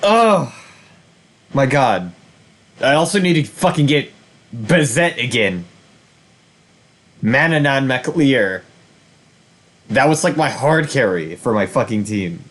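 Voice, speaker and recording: Husky, exasperated gaming host, swearing. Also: male voice, medium pitch, big pitch swings, takes it slowly, long pauses, fairly bright tone. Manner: frustrated, swears often, rambling. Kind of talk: casual let's-play commentary.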